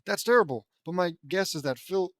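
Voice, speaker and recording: Man reading plucky six-year-old girl, brisk, matter-of-fact, dry sound. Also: high-pitched, animated, fairly bright tone, dry recording.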